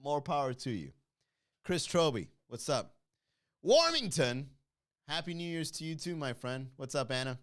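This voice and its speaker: A man hosting a comedy podcast livestream, teasing and laughing as he reads out chat comments. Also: on the high side. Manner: animated, teasing, quick to laugh.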